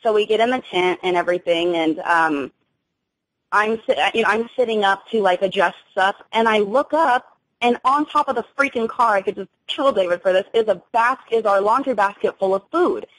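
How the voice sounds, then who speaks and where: A young adult woman, speaking as an interview guest, describes an encounter she lived through, and the telling is emotional. Her mid-range voice has a fairly bright tone and normal speed, though the audio is poor. She frequently breaks off to restart sentences and leans on fillers.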